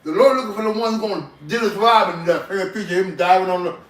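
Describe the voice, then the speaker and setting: A man leading a casual faith group discussion, exhorting the others in a preachy way and filling pauses with strings of "um". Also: high voice. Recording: echoey room, mic far off.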